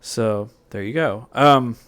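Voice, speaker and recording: A man hosting a music software tutorial, thinking aloud in a loose, rambling way with plenty of fillers and self-corrections. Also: mid-range voice, slow pace.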